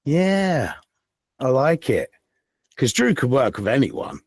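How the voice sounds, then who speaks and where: A man's voice: medium pitch, very animated, breathy edge, dry recording. Casual male podcast co-host, rambling, dry close mic. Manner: rambling, halting, many ums and restarts. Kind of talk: casual chat.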